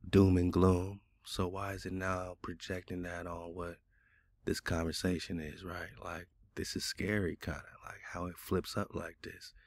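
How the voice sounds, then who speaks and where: Deep gravelly man, casual and argumentative. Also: no echo. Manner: argumentative, colloquial, talks back at a chatbot. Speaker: radio show host. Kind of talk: casual radio talk.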